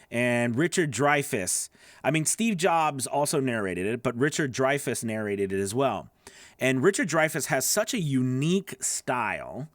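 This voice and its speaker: A man's voice: mid-range voice, fairly bright tone, no echo, clean studio sound. A man coaching voice actors in a casual, conversational teaching talk with plenty of asides. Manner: conversational, lots of fillers and asides. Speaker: voice acting coach.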